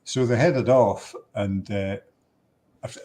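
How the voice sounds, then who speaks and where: A man with a Scottish accent, a guest musician telling a long story in a relaxed radio chat, with restarts along the way. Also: fairly low pitch, takes it slowly, slight background noise. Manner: chatty anecdotes with restarts, laughing at his own punchline.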